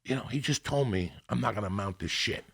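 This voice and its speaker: A middle-aged man with a gravelly, husky voice that has a lot of fry. He tells profane stories with animation and acts out the people he quotes. He is from Cuba. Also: on the low side, fast, a bit bright. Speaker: podcast guest. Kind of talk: storytelling in casual chat.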